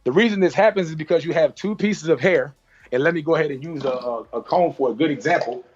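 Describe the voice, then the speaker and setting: A man's voice: on the high side, fast, muffled recording, soft background music. A man teaching a hands-on haircutting class, talking through each move with repeated cues and playful sound effects. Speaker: barber educator. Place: salon.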